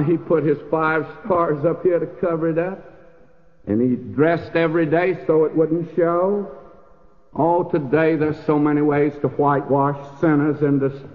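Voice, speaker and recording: Older man, sermon, folksy and emphatic, slightly high voice, tinny lo-fi recording, church hall reverb. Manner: folksy preaching with rising emphatic peaks. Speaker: pastor. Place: church sanctuary. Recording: lo-fi phone-like old radio recording with long hall reverb.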